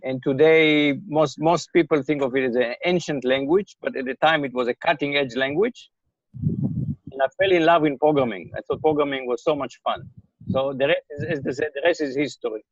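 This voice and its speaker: A man's voice: a little high, a little fast, no echo. An older man giving thoughtful interview answers, often repeating words and checking in with "okay?" and "right?". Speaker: interviewee, computer scientist. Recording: dull, dry remote call audio.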